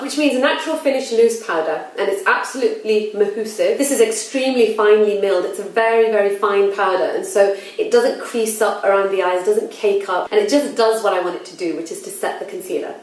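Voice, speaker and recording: A woman's voice: mid-range voice, a little mellow, distant mic. A woman talking through her everyday makeup routine in a casual, frank, self-deprecating voice-over. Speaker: beauty vlogger. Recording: very echoey room, mic set back.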